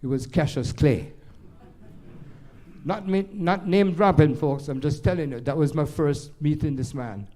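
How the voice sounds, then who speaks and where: A man's voice: a little high, a little slow. An older man with a Jamaican accent, a jazz pianist telling rambling stories to a live audience, full of restarts. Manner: rambling, animated anecdotes with many restarts. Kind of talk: stage storytelling to a live audience.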